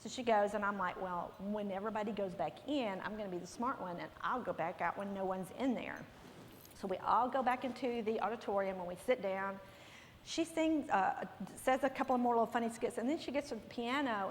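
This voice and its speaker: A pastor's wife telling a humorous story to a women's conference, animated and laughing, her voice climbing into near shouts. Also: a little high. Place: large church hall with audience. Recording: long hall reverb, faint room noise.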